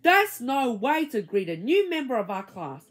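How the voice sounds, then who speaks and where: A woman's voice: a little high, very animated, normal speed, husky. Woman reading as a prim scolding teacher. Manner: scolding but polite. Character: patient female schoolteacher keeping order.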